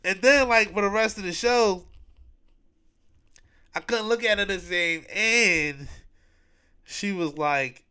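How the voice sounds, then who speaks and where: A podcast host with a high, clear, resonant voice takes things slowly, pausing often as he retells events in casual chat. His storytelling is animated and packed with heavy slang, and he acts out the quotes.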